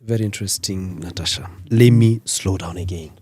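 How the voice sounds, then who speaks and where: A man from Rwanda, a career expert guest on a radio interview, explaining in numbered points with lively emphasis. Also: low-pitched, fairly quick, breathy edge, no echo. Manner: animated, lecturing in numbered points. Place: radio studio.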